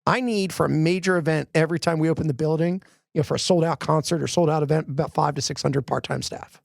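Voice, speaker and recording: A middle-aged man from the Philadelphia area with a heavily gravelly, fairly high voice, chatting in an interview and telling anecdotes with lots of "you know" fillers. He is recorded up close, dry and without room sound. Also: fast talker, no echo. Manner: chatty, many "you know" fillers, acts out quoted dialogue. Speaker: arena president and general manager. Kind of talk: casual interview storytelling.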